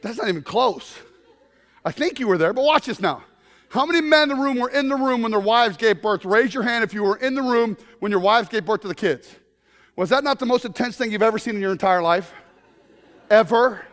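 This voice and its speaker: High-voiced man preaching with comic flair. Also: brisk, big-room sound. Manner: animated storytelling with comic shouted outbursts. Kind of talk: humorous sermon. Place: congregation in a room.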